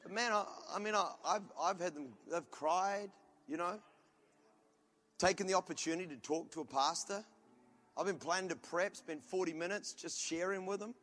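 A man preaches a sermon, telling his stories loudly and with comic energy. His voice sits high and sounds bright and forceful. He talks like a pastor who enjoys a joke with his congregation. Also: moderate pace. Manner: loud, animated storytelling with comic outbursts.

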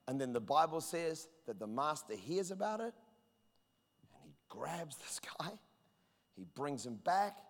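A man preaching a sermon as pastor, driving points home with emphasis and rising to shouts. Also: on the high side, very animated, measured pace. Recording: long reverb of a large hall.

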